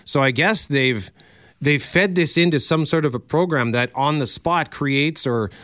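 A man's voice: on the high side, a little slow, a bit bright, dry recording, clean studio sound. A male radio co-host chatting casually and enthusiastically, rambling a little as he geeks out.

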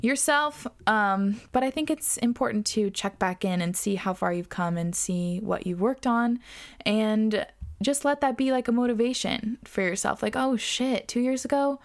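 A woman's voice: mid-range voice, moderate pace. A young adult woman hosting a podcast alone, talking in a chatty, reflective way with lots of fillers. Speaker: podcast host. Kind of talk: casual solo podcast talk.

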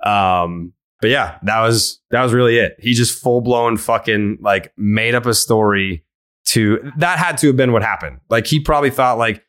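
A man's voice: on the low side, normal speed, a bit bright, smooth. Profane, rambling podcast host, man. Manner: rambling, profane, many "like" fillers, quotes himself. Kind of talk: casual storytelling on a podcast.

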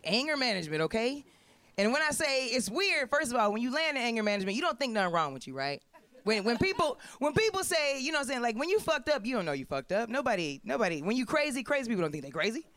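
Brash, animated woman comedian. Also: on the high side. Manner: brash, animated, laughing often, profane. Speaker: stand-up comedian. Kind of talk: stand-up comedy.

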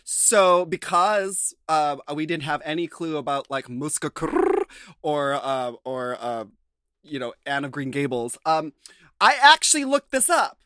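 A man's voice: a little high, animated, unhurried, pushed and bright, clean tone. A man co-hosting a casual podcast from the United States, chatting through a TV show recap with lots of fillers and restarts. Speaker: podcast co-host.

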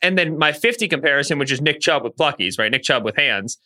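A man's voice: on the high side, lively intonation, fast, sharp tone. A man chatting casually on a podcast as a football analyst, breaking down a player with lots of enthusiasm.

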